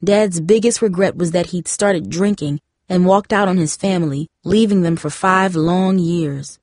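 A woman narrating a chapter book in a steady, measured reading. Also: fairly low pitch, no echo, studio quality. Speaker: audiobook narrator. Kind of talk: scripted story narration.

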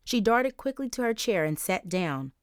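A woman narrating a young-adult novel as an audiobook, in clear, even storytelling. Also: mid-range voice, moderate pace, no echo, studio quality. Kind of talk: scripted narration.

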